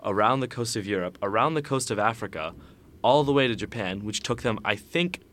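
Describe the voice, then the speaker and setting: A man's voice: on the low side, brisk, fairly bright tone, slight background noise. A young man co-hosting a podcast, rambling through a history story with dry, sarcastic humor and many "like"s. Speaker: podcast co-host. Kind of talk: casual chat.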